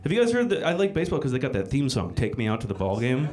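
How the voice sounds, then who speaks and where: Swearing stand-up comic man, lively voice. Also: mid-range voice, very fast. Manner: crude, rambling delivery with frequent restarts and swearing. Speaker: stand-up comedian. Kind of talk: stand-up comedy set. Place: comedy club stage. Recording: live club recording with crowd laughter. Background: audience laughter.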